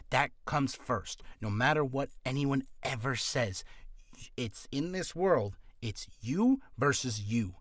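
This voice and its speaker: A man's voice: medium pitch, dry recording, clean studio sound. A man giving casual career advice on a vlog, rambling with restarts and coughing now and then from acid reflux.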